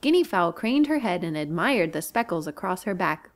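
A woman's voice: on the low side, moderate pace. A children's librarian, a woman, reading a storybook aloud to children with expression. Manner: expressive, animated.

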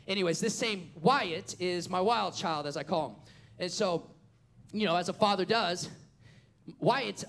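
A man, preaching a sermon as a pastor and acting out a family story with lively storytelling. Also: sits high, gravelly. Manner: animated storytelling, acts out the scenes.

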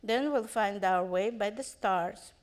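A woman voicing a calm, cool-headed male wanderer while reading a story aloud. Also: mid-range voice, slow pace, natural voice. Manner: calm, steady.

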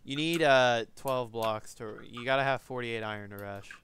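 A man's voice: mid-range voice, normal speed, fairly bright tone. A man playing a game with a friend over a voice call, mocking him wryly while they play. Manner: wry, mocking teammate. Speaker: gamer in a voice call. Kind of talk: casual gaming banter. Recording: clear hiss and keyboard clicks.

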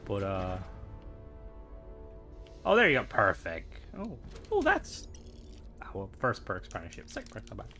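A man's voice: lowish voice, huge pitch swings, measured pace, pauses often, sharp tone, soft background music. Rambling young male game streamer. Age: young adult. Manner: rambling, many fillers, playful asides. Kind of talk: casual chat while gaming.

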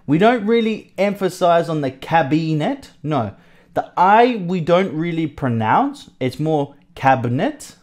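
A teacher leads a vocabulary lesson for young children, taking a house tour one item at a time. The delivery is unhurried and deliberate, with each word said over and over. The pitch moves a lot, and the teacher checks understanding and praises answers often. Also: darkish tone. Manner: repeats each word slowly, asks checking questions. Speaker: English teacher for young pupils.

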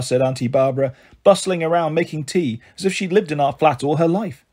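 A man reads a children's novel aloud in a gentle, friendly way. His voice is fairly high and a touch husky. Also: fairly quick, hardly any pauses. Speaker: storyteller.

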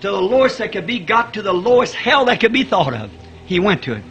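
Male preacher, high and ringing, wildly swinging pitch, shouts at the peaks. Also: big pitch swings, fast talker, lo-fi sound, faint music behind. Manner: fervent, rising to shouts, chuckling. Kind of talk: sermon.

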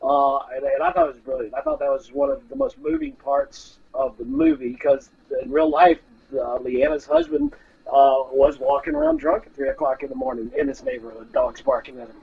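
Male film director guest, heavy vocal fry, animated delivery, anecdotal, muffled remote line. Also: extremely high pitch, a little fast. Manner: anecdotal, relaxed, quotes others. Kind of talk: casual interview storytelling.

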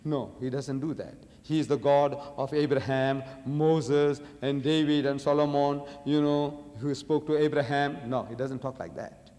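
Man lecturing on religion, kinda high voice, big echo like an old hall tape, keeps asking the crowd stuff. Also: measured pace, hardly any pauses, warm tone. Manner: rhetorical, emphatic, asks the audience questions.

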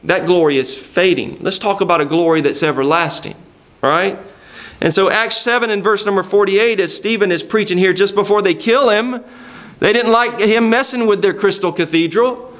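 A man's voice: sits high, moderate pace, a bit bright. A man preaching a sermon in a church, reading scripture and talking to the congregation in a conversational way with rhetorical questions. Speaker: pastor. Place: church sanctuary.

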